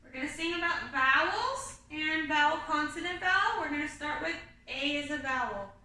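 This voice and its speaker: A woman teaching a kindergarten class online, talking slowly and patiently and singing simple learning songs. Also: high voice, animated, pushed and bright, recorded from a distance, a little hiss or hum. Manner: patient, sing-song teacher talk. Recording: very echoey room, off-mic.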